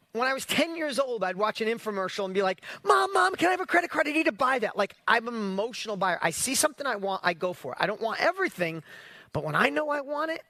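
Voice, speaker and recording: An energetic man hosts an online business challenge in a loose, motivational way and keeps throwing rhetorical questions at his viewers. His voice sits high for a man and sounds bright and forceful. The sound is dry, with no room echo. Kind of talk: casual motivational livestream talk.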